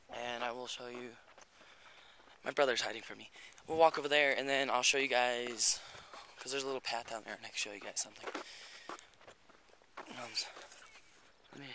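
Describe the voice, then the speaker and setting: With a mid-range voice that sounds pushed and bright, a man rambles and swears his way through a casual walking vlog by a creek in rural hills. He holds the camera himself, makes chatty asides, and is slightly out of breath, with a little background noise in the audio.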